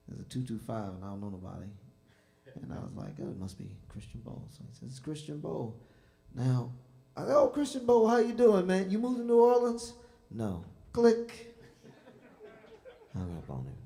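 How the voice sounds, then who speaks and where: Male bandleader, onstage mic, animated storyteller, voice swings wide in pitch. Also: creaky. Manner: animated, acts out dialogue with lively voices. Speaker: bandleader and host of a jazz concert. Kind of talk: storytelling between songs at a live show. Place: music venue stage. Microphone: stage microphone.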